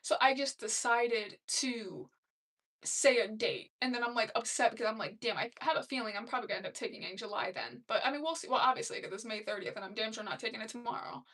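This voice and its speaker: A woman's voice: on the high side, quick pace, a bit bright, far from the mic. A young woman hosting a casual live stream, chatting loosely and laughing as she reads comments aloud. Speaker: livestream host.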